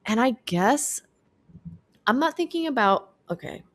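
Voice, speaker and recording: A woman's voice: a little high, lively intonation, a little slow, fairly bright tone, no echo. A young woman co-hosting a podcast, chatting casually and thinking aloud with lots of restarts. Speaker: podcast co-host. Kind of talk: casual chat.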